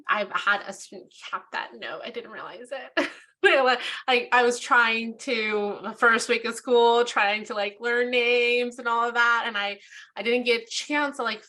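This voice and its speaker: A woman teacher on a webinar panel, chatty and quick to laugh, often repeating her words. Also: medium pitch, sharp tone. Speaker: educator, panelist. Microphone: video call.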